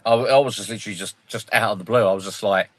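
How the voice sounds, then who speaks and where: A man hosting a casual livestream, joking, swearing and excitedly retelling film scenes. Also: on the low side, quick pace, no room sound. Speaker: livestream host.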